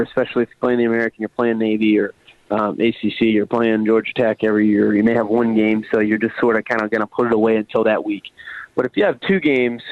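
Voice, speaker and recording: A man's voice: medium pitch, no room sound. A man, a former college football player, calling in to a sports talk show and talking in long, rambling answers full of fillers and restarts. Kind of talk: casual phone-in sports talk. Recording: tinny phone line.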